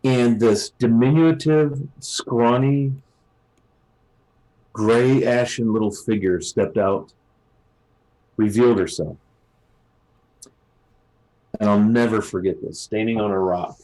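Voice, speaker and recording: A man voicing a male hunter who recounts a past adventure dramatically, with pauses, in a tabletop game. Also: fairly low pitch, steady tone, warm tone, poor audio. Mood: wondering. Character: male hunter telling a tale of old.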